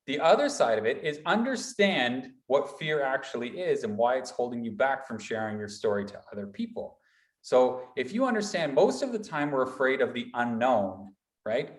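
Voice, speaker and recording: A man presenting a motivational workshop, talking in lively repeated lists like a college instructor. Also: mid-range voice, roomy sound. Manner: animated, builds repetitive lists.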